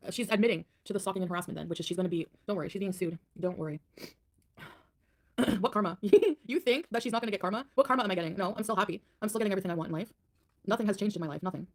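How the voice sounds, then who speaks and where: A woman's voice: medium pitch, fast talker. A woman livestreamer ranting defiantly, mocking her critics. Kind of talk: livestream rant.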